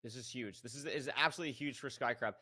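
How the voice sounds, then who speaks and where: A man doing play-by-play commentary, excitedly calling the action. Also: mid-range voice, crowd noise. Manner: excitable, quick to call the action. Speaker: match commentator.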